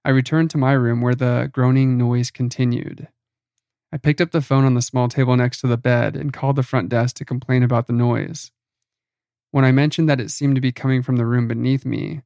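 Gravelly man narrating a horror story. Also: mid-range voice, flat delivery, moderate pace, dark tone, no echo, studio quality.

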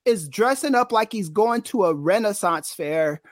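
Lively, opinionated male podcast co-host. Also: high voice, normal speed, background noise. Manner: animated, opinionated, teasing storyteller. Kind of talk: casual wrestling podcast chat.

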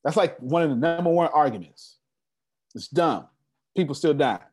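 A man's voice: on the high side, expressive, normal speed, a little mellow, husky. A man giving a business seminar to a live audience, emphatic and repetitive, often asking the crowd rhetorical questions. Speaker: business coach.

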